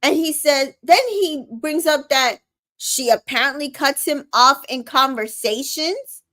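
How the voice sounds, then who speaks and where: Woman, recap host, unhurried delivery, bit high voice, sassy opinionated chat. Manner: animated, sassy and opinionated, reads out comments. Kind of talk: casual recap chat reading viewer comments.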